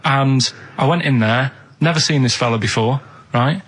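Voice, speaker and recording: A man's voice: medium pitch, normal speed, fairly bright tone, husky. A man on a radio show in a studio, telling rambling anecdotes and checking in with the listener by tagging "right?" onto his lines. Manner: rambling anecdotes with tag questions. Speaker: regular radio show contributor. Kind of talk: casual studio banter.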